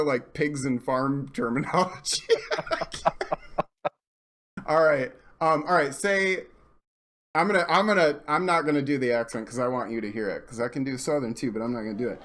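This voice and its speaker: A male podcast host in casual chat, animated and self-deprecating, who laughs often. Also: on the high side.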